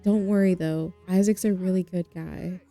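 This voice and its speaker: A woman's voice: fairly low pitch, steady tone, normal speed, dark tone, soft background music, lightly acted. A woman voicing an easygoing teenage girl about to turn eighteen, who talks to her dad in a casual, slightly exasperated way. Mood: pleading.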